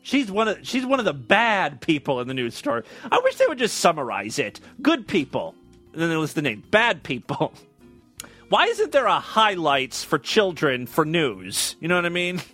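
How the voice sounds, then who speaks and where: A man's voice: on the high side, wildly swooping pitch, moderate pace, sharp tone, soft background music. A man hosting a comedy show, reading news stories aloud and breaking in with crude, sarcastic asides. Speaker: podcast host.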